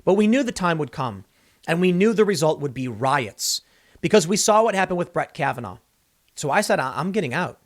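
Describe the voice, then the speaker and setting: Animated man giving political commentary. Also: brisk. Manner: animated, sarcastic, mocks others with shrill impressions. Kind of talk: opinionated commentary monologue.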